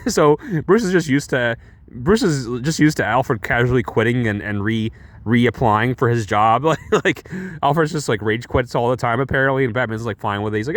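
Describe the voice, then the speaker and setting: A man's voice: mid-range voice, normal speed, no room sound. A man giving a casual, rambling and enthusiastic comic book review.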